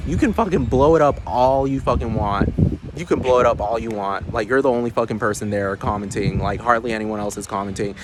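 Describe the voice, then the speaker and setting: A man's voice: mid-range voice, expressive, a little fast, noisy background. A man ranting to the camera in a profane, rambling vlog monologue, often asking the viewer if they understand. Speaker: vlogger.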